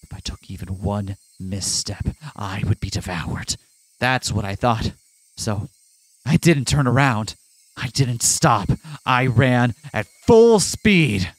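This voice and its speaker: A man hosts a let's play and reads the story text aloud, leaning into the drama of the lines. Between passages he drops into joking asides with his co-player. His voice sits at an everyday pitch. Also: animated, takes it slowly, no echo. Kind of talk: reading a visual novel aloud with casual commentary.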